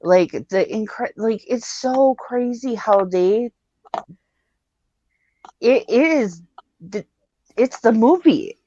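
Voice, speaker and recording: A woman's voice: a little high, animated, takes it slowly, pauses often, mellow, no room sound. A woman, chatting casually and enthusiastically about shows she loved. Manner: enthusiastic, gushing. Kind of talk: casual chat. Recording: dry, dull lo-fi sound.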